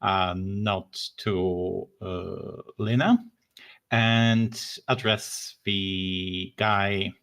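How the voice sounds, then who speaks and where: Male player, slow measured delivery, lower pitch. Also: fairly even intonation, a bit bright. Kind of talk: playing a tabletop game.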